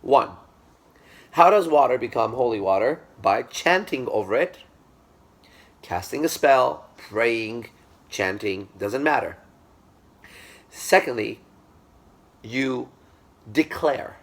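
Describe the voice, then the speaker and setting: A man's voice: medium pitch, animated, slow pace, long pauses, fairly bright tone. A man giving a classroom lecture, speaking with emphasis, repeating himself and checking that the class agrees.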